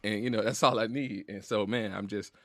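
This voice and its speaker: A man's voice: fairly low pitch, fairly even intonation, a little fast, dry recording, studio quality. A man guest on a podcast, talking casually and reflectively, slangy and openly emotional. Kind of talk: casual heartfelt conversation. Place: podcast studio.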